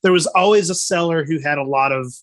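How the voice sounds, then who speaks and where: A man's voice: on the high side, fairly quick. A man hosting a podcast in casual, friendly chat, making announcements and talking about collecting. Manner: friendly, relaxed, announces plans. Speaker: podcast host.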